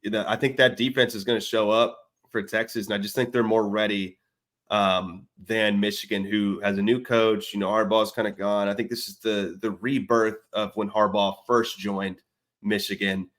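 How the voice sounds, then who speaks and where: A man's voice: on the low side, level tone, moderate pace, fairly bright tone. A man co-hosting a casual football podcast, rambling and self-mocking, sometimes mimicking coaches and golfers. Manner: rambling, self-mocking, does mock voices. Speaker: podcast co-host. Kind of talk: casual sports chat.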